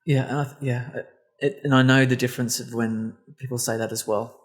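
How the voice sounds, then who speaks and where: A man's voice: medium pitch, flat delivery, a little fast. A man hosting a casual podcast, thinking aloud in rambling sentences. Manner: thoughtful, rambling with restarts. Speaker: podcast host.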